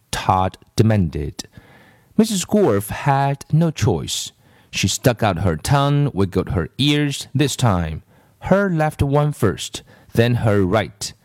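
A man's voice: lowish voice, darkish tone, no room sound, studio quality. A man reading a children's story aloud, in a storyteller's reading manner.

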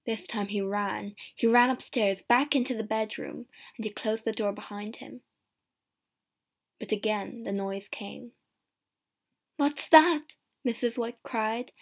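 A woman reading a story aloud as narrator, clear and measured. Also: mid-range voice.

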